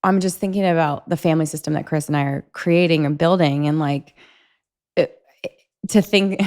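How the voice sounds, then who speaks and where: A woman in her thirties hosts a podcast from her home kitchen. Her voice sits slightly low. She tells stories in an animated way, with lots of filler words and easy laughter. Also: unhurried, smooth. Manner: animated storytelling, many filler "like"s, laughs along. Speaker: podcast host. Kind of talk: conversational podcast interview.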